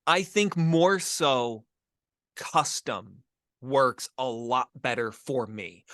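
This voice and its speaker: A middle-aged man from the northern United States, co-hosting a casual podcast chat with a joking, animated manner and quick restarts. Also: medium pitch, dry recording, clean studio sound. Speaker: podcast co-host.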